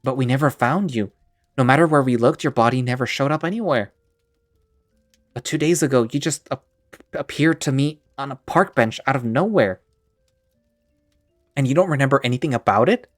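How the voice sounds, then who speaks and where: A man's voice: mid-range voice, moderate pace, long pauses, dry recording, clean studio sound, soft background music, natural voice. A man playing a sobbing, shaky-voiced friend. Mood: earnest. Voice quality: shaky, cracking voice. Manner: pleading, choked-up. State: crying. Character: tearful grown man, a loyal old friend. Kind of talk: one-man audio drama.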